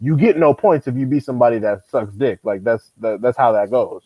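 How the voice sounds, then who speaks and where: A man's voice: medium pitch, a little fast, breathy edge, no room sound, muffled recording. A man co-hosting a casual boxing chat, talking in an exasperated, profane and emphatic way. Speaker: podcast co-host.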